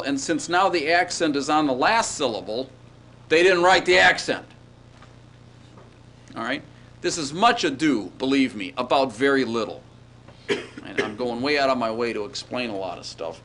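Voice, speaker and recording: A man's voice: on the high side, animated, moderate pace, a bit bright. A man teaching a grammar class in a chatty, digressive way, often checking in with "all right?". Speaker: Hebrew grammar lecturer. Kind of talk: classroom lecture.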